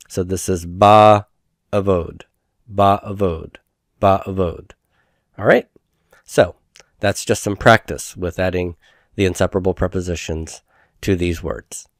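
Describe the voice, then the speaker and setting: A man lecturing on Hebrew grammar in a methodical way, repeating terms slowly with frequent fillers. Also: on the low side, darkish tone, no room sound, clean studio sound. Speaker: Hebrew instructor. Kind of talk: recorded classroom lecture.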